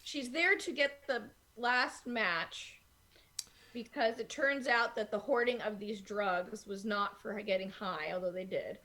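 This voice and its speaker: A woman's voice: on the high side, measured pace, sharp tone. A woman co-hosting a film podcast, retelling plot points in a chatty, self-correcting way. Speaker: podcast co-host. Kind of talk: casual film discussion.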